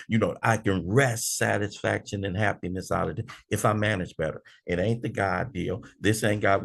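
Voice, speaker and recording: An older man in his sixties leads a recovery group study with a low, gravelly voice. He talks like a preacher and acts out both sides of his own family arguments. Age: 60s. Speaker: recovery meeting speaker. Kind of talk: animated big book study talk.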